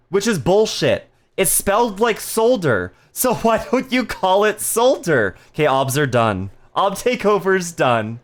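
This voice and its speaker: A playful streamer chatting with viewers during a live stream, voice swooping up and down with lively energy. Giggly and given to crude jokes, sitting at a middle pitch.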